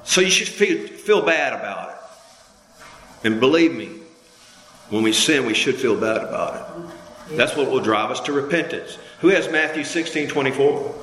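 A man's voice: lively intonation, moderate pace, long pauses, fairly bright tone. A man preaching a sermon in a casual, conversational way, leading the congregation in call-and-response. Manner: conversational preaching with call-and-response, pitch climbing high when fired up. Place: church hall. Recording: echoey hall with long reverb.

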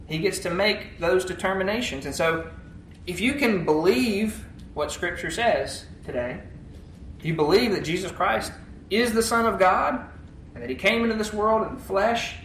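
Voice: mid-range voice, animated, moderate pace, a bit bright. A preacher giving an emphatic sermon, often checking in with the congregation. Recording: echoey room, faint background noise.

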